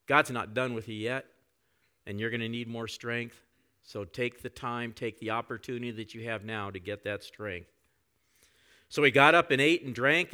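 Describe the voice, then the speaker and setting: A male pastor preaching a conversational sermon, often dropping to soft reflective tones. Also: mid-range voice, clear, resonant tone.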